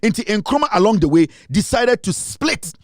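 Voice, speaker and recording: A Ghanaian man with a high-pitched voice delivers a heated political rant. He sounds scornful and repeats his points. The recording is dry and close. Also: big pitch swings, moderate pace, no echo. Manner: heated, scornful, repetitive, switching into Twi. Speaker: political commentator. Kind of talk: impassioned political monologue.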